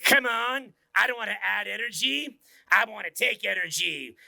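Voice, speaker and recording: A man's voice: sits high, normal speed, gravelly, sharp tone, no room sound, heavily acted. A man voicing a lazy, self-pitying man in a whiny, mocking voice.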